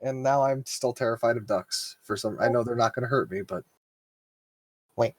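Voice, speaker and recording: A man's voice: mid-range voice, moderate pace, no echo. Rambling young man telling stories. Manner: rambling storyteller, laughs often. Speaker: podcast co-host. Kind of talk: casual chat.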